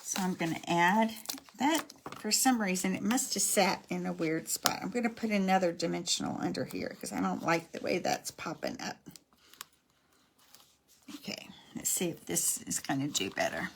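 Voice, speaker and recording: A woman's voice: lowish voice, expressive, moderate pace, fairly bright tone, slight background noise. A woman in her sixties from Texas with a slight Texas accent, chatting her way through a live card-making demonstration in her home craft room, full of rambling, self-deprecating asides. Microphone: camera on a long arm stand.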